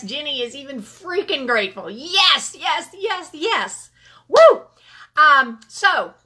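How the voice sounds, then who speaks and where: Here the gratitude group leader, a middle-aged woman, has a high, sharp-toned voice. During the live online session she reads out chat comments, answers them, and keeps repeating affirmations with encouraging cheer.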